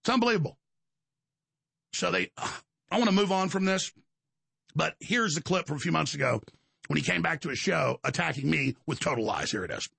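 A man's voice: fairly high pitch, lively intonation, fairly quick, vocal fry, long pauses, pushed and bright, slightly rough, dry recording. A man hosting a talk show, telling angry stories in a rant, with frequent restarts and repeated words. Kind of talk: ranting monologue.

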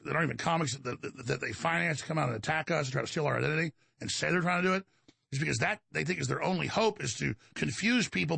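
Here the Texas-born host's voice sits on the high side, gravelly and bright with a forceful tone and a breathy edge, with no room sound. In his Texan accent he launches into a combative, wandering talk show monologue, calling listeners folks.

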